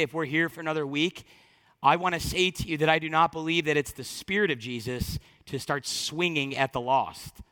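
High-voiced impassioned male preacher. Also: big-room sound. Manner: impassioned preaching that swings from loud to hushed. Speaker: pastor. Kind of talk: sermon.

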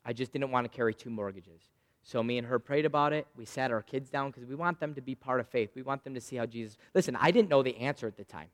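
A man's voice: mid-range voice, fast talker. Man preaching in a reverberant church. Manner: lively storyteller, jumps between loud bursts and quiet asides. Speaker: pastor. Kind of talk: sermon with personal storytelling.

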